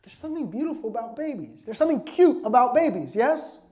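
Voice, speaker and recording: A man preaching a sermon in a lively, conversational way, joking and constantly asking the congregation questions. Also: very high-pitched, fast talker. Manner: laughs easily and jokes with the congregation. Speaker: pastor.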